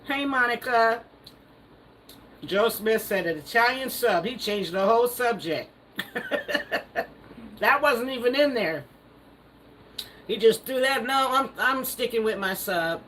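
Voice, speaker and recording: A woman's voice: a little high, expressive, unhurried, long pauses, fairly bright tone, a little hiss or hum, low-quality recording. Woman, livestream host, casual comment-reading chat, teasing, laughs a lot. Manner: playful, teasing, laughs often.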